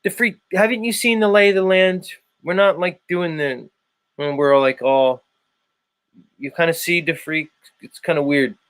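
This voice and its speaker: A man with a South Philadelphia accent hosting a live stream, chatting casually with viewers in a playful way, swinging his pitch and volume and drawing out words. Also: steady tone, a little slow, fairly bright tone, smooth, no echo. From United States. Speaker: live show host.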